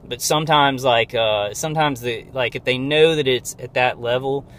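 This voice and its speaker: A man giving a rambling personal video update from inside his car, halting with many fillers and restarts, strained and close to tears. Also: mid-range voice, fairly bright tone. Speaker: video diarist.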